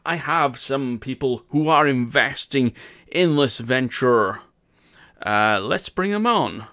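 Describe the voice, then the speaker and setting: A man's voice: mid-range voice, lively intonation, slow pace, pushed and bright. A man with a Welsh accent hosting a game live stream in casual, upbeat chat and laughing often.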